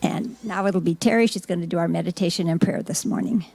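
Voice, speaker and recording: A woman giving announcements at a church service, speaking haltingly with many ums and restarts. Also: lowish voice, vocal fry, a little mellow, no echo.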